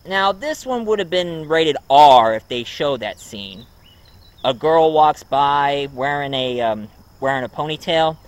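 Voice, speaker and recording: A man casually reviewing a movie at home, rambling with many ums and uhs. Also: mid-range voice. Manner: rambling, full of ums and uhs, chuckles often.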